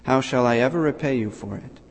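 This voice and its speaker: An old saint pleading tenderly, as a preacher reads him. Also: male voice, mid-range voice, a little fast, lightly acted. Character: elderly male saint speaking tenderly to a child. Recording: long reverb in a large hall.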